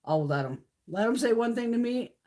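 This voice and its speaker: A woman in her fifties chatting on her own livestream, with a voice that is fairly high and swings widely in pitch. She swears hard and rants bluntly, sounding fired up. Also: lively intonation, normal speed, warm tone. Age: 50s. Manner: profane, blunt ranting. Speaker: beauty livestream host. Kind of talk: casual livestream chat. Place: home, mountain area.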